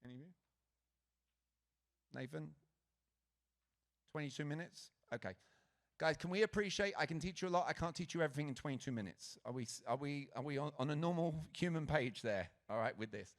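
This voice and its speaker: Man, Britain-raised, slightly high voice, energetic conference speaker, audience-interactive. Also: a little fast, pauses often. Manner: lively, engaging the crowd with questions. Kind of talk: motivational stage talk to an audience. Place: conference stage before a live audience. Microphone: handheld stage mic.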